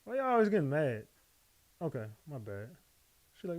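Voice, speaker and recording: A man hosting a casual livestream, loose and chatty, giving repeated shout-outs to his viewers. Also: on the high side, big pitch swings, normal speed, dry recording. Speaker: livestream host.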